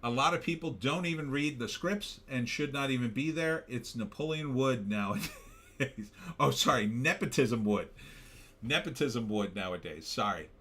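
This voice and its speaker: A man's voice: mid-range voice, moderate pace, sharp tone. A tired man hosting a livestream, ranting in a casual way and reading out chat comments. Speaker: livestream show host.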